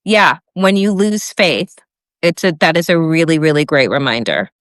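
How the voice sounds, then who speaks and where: A woman guest giving warm, supportive responses in a conversation. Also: sits low, normal speed, no echo, clean studio sound. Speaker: guest commentator.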